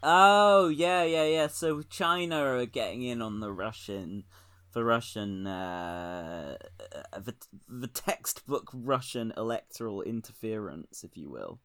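A man's voice: on the low side, expressive, slow pace, fairly bright tone. Sardonic man, casual podcast chat. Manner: sardonic, laughing, with many restarts. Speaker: podcast co-host.

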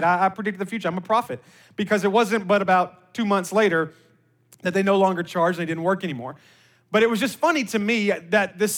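High-voiced man preaching casually. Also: fairly bright tone. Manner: conversational, joking, with repeated words; reads scripture slowly and deliberately. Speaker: pastor. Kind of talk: sermon.

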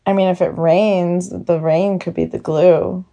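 A young woman guests on a casual podcast, talking slowly and playfully. Her voice is mellow and warm. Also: on the low side, steady tone, gravelly.

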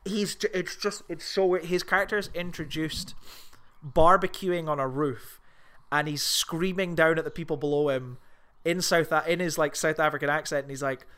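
Excitable, bright-voiced man chatting about films. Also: fairly high pitch, moderate pace. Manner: rambling, swears often, excitable. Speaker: podcast co-host. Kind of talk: casual film discussion.

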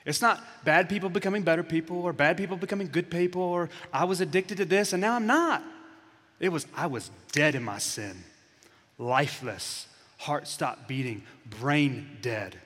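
A man preaching a sermon as a pastor, telling the story dramatically and acting out lines, dropping to a hush and then rising loud. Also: fairly high pitch, normal speed, in a large hall. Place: church hall.

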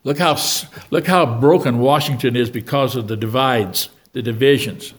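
Speaking at a moderate pace in a mid-range voice, an older man preaches as a guest in a church. He weaves a personal life story into the sermon, repeatedly asking the congregation to say amen.

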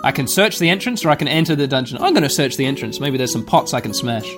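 A man's voice: mid-range voice, expressive, fast, a bit bright, soft background music. A man playing a text adventure aloud, reading it out and adding casual, wry asides. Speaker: game player and host.

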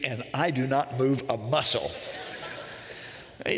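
A man's voice: mid-range voice, a little slow, creaky, long pauses, fairly bright tone, slight background noise. A man preaching a sermon, telling stories with self-deprecating humor. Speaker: pastor. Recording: long hall reverb.

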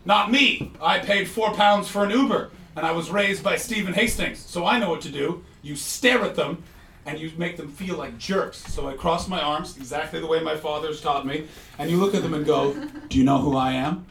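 A man hosting a live comedy podcast, telling stories in an animated, joking way, recorded from a distant mic in an echoey room. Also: fairly high pitch, moderate pace, creaky, a little hiss or hum. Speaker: comedian host.

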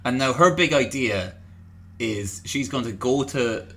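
A man's voice: medium pitch, measured pace, sharp tone. A man in his twenties, co-hosting a casual podcast and recapping a TV episode in a jokey, rambling way. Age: 20s. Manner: rambling, jokey, full of fillers. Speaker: podcast co-host.

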